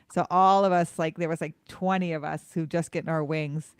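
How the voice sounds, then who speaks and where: Smooth-voiced woman co-host telling a story. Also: sits low, fast talker, few pauses, dry recording, clean studio sound. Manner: lively storyteller, acts out quoted voices. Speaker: podcast co-host. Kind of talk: casual interview chat.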